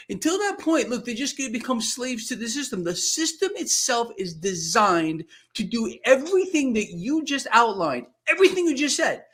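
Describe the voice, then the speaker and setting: A man's voice: very high-pitched, sing-song, normal speed, hardly any pauses, fairly bright tone, slightly rough. A man speaking as a guest in an impassioned, emphatic way. He gets worked up and repeats words as he pushes his points. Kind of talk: impassioned casual talk.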